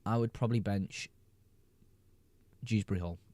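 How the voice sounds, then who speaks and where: A man hosting a casual fantasy football live stream, reading viewer questions aloud, answering them quickly and laughing often. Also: fairly low pitch, fairly even intonation, a little mellow, dry recording.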